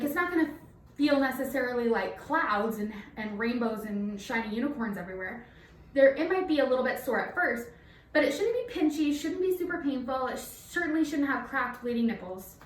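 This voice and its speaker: A woman working as a night nurse, talking a little out of breath through a face mask as she teaches a nursing simulation in a chatty, informal way with many fillers. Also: high-pitched. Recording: roomy echo, mic at a distance.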